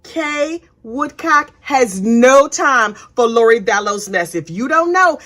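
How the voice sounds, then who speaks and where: A woman's voice: on the high side, lively intonation, slow, fairly bright tone. A woman hosting true-crime commentary in a sassy, gossipy way, full of slang. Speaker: host.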